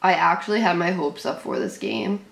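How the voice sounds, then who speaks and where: A woman's voice: on the low side, animated, moderate pace, gravelly, roomy sound. A young woman calling an American football game live as a fan, in short clipped sentences, nervous and anxious. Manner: nervous play-by-play, shrieking at big plays. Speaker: sports fan commentator. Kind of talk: live game reaction commentary.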